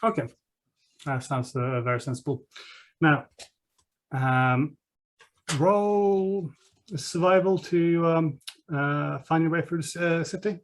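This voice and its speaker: A man's voice: fairly high pitch, slow, pauses often. A man narrating as game master of a tabletop game, talking with many ums and uhs.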